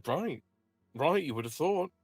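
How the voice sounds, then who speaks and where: Wry, stammering man in casual chat, animated delivery, faint music behind. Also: fairly high pitch, measured pace, breathy edge, no echo. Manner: stammers on starts, wry and dry. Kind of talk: casual chat on a live stream.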